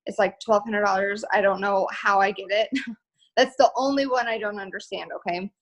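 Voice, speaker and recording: A woman's voice: medium pitch, fairly even intonation, moderate pace, poor audio. A woman speaking casually on a live stream as a guest, chatty and upbeat, with many fillers.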